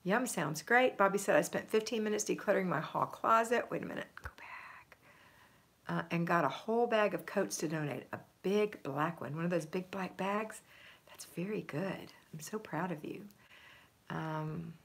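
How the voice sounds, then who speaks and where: A middle-aged woman with a drawl hosts a casual home livestream and reads viewer comments aloud. Her voice sits a little low. She stays chatty and upbeat, often laughs, and fills pauses with ums. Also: gravelly, a bit bright. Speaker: home organizing livestream host.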